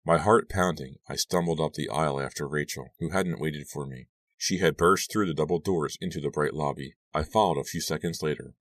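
A man narrating a first-person audiobook in a steady, even storytelling manner. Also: very deep voice, no room sound, studio quality, distant mic.

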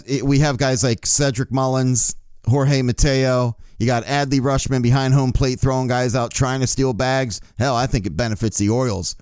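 A man's voice: medium pitch, darkish tone, clean tone, no room sound, clean studio sound. A man hosting a casual sports podcast, opinionated and profane, who gets worked up as he talks. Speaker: podcast host.

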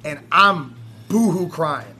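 A man in his forties from South Florida, a radio host telling stories in animated, profane sports talk that swings up to shouting. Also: on the high side, slow, slightly rough. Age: 40s.

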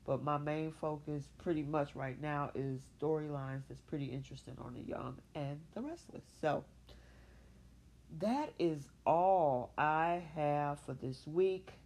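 A woman hosts a soap opera recap podcast on her own, speaking a little slowly in a low voice against slight background noise. Casual, animated, and full of opinions, she voices the characters' lines in her own voice.

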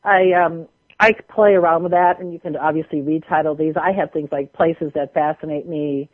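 A woman's voice: low voice, steady tone, normal speed, dry recording, narrow, tinny audio. A woman with a Wisconsin accent, a social media tutor talking casually as a radio guest, folksy and chatty. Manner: chatty, folksy, laughs often.

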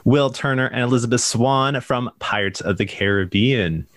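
A man's voice: mid-range voice, normal speed, a bit bright, no room sound, clean studio sound. Easygoing young man podcast co-host. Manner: brief, agreeable interjections. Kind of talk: casual chat.

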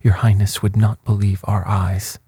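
A terrified servant who stammers over his words and pleads with his lord, read by a man. The voice is husky and breathy, on the dark side, and comes out in small anxious bursts. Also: lowish voice, flat delivery, normal speed, no echo. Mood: frightened. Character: frightened stammering male servant.

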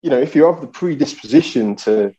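This jokey man speaks with a lively, up-and-down pitch. His audio is dull and lo-fi, as if his line is muffled. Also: fairly quick. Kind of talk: casual podcast chat.

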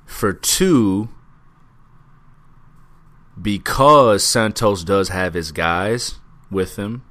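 A man's voice: fairly low pitch, fairly bright tone. A man co-hosting a wrestling podcast, talking casually and profanely, drawing out his recaps. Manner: laid-back, profane, drawn-out recaps. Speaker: podcast co-host.

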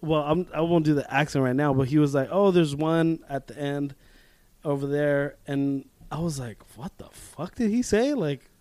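A man's voice: on the high side, normal speed, dry recording. A young man hosting a casual podcast chat, telling stories with lots of laughter and swearing. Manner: laughing, swearing, animated storytelling. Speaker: podcast host.

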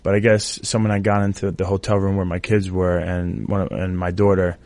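Guest fighter, male, lowish voice, halting and emotional, dry sound. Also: level tone, a little mellow, no room sound. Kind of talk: casual interview talk.

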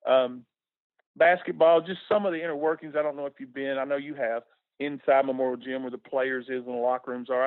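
A man's voice: mid-range voice, dry recording. A middle-aged man, a former coach talking casually in a radio interview, folksy and repeating words when moved. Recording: tinny phone line on radio.

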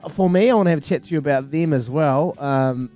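Upbeat Kiwi breakfast radio host. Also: male voice, a little high, brisk, dark tone, faint music behind. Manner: upbeat, enthusiastic, hesitant when thinking. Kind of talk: sports talk radio. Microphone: studio mic.

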